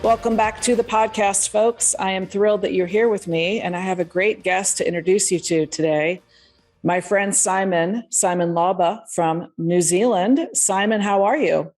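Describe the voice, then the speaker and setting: A woman's voice: mid-range voice, moderate pace, a little mellow, faint music behind. A woman hosting a podcast interview, upbeat and conversational as she welcomes listeners and asks her guest questions. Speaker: podcast host.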